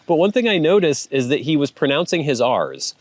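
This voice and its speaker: A man's voice: fairly high pitch, big pitch swings, a little fast, no echo. A man hosting a casual show, reading viewer comments aloud and chatting about them in a rambling way with frequent laughs. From United States. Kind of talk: casual chat.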